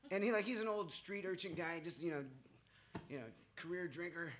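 A man's voice: sits high, fairly quick, a crowd in the background. A man sharing his own story with a group at a recovery meeting. He rambles and mocks himself, with many fillers and chuckles.

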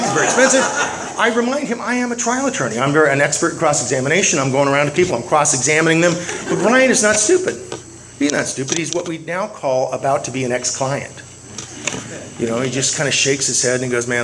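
Animated man telling a comic story over noise. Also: a little high. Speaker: recovering alcoholic sharing his story. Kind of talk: humorous recovery talk.

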